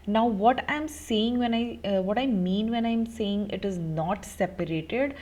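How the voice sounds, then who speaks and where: A woman's voice: medium pitch, a little slow, darkish tone. A woman with an Indian English accent explaining German grammar in an online lesson, with frequent fillers as she explains. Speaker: German language teacher. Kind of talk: online language lesson, mixing Hindi and English.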